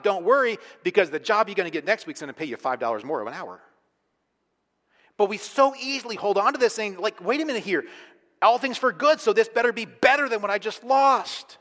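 A man in a church with a fairly high voice preaches his sermon, chatty and emphatic, sometimes sinking to a hushed, intense tone. His voice rings out with a long reverb in the large hall. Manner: conversational, emphatic, drops to quiet intensity. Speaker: pastor.

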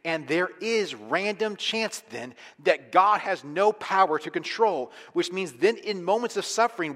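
A man preaching a sermon as pastor, talking conversationally and with emphasis, sometimes falling to a quiet, intense tone. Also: sits high, long reverb tail.

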